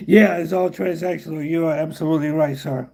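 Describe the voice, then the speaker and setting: Gravelly rambling man on a livestream. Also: a little high, steady tone, fairly quick, warm tone. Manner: rambling, repeats himself, answers chat comments. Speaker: livestream host. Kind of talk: casual livestream chat.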